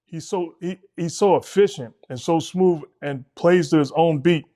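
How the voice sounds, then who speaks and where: A middle-aged man calmly breaking down basketball plays as co-host of a sports talk show. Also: fairly high pitch. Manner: measured, coach-like breakdowns. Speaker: podcast co-host, basketball analyst.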